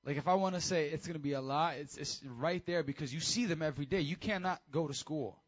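Speaking fast, a man acts as youth pastor and gives teenagers a casual, energetic sermon full of call-and-response. The recording sounds dull.

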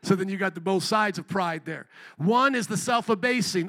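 A male pastor preaching with an animated, conversational delivery. He slips into acted-out voices and calls out to the congregation. His voice is high and bright. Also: fast talker. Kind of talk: sermon.

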